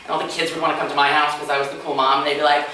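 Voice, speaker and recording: A woman's voice: low-pitched, little pitch movement, very fast, pushed and bright. A woman in her forties doing open mic stand-up, chatty and self-deprecating, full of fillers and acted-out quotes. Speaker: stand-up comedian. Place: mansion room at an open mic. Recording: very echoey room, far from mic, noisy.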